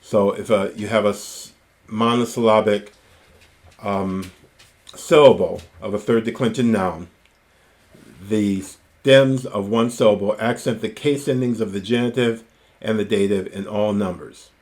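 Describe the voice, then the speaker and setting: Guy teaching greek grammar, talks real slow, lowish voice, spells out every form. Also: fairly even intonation, a little mellow. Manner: slow, deliberate, spelling out word forms; enthusiastic aside about grammar rules. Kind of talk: recorded lecture.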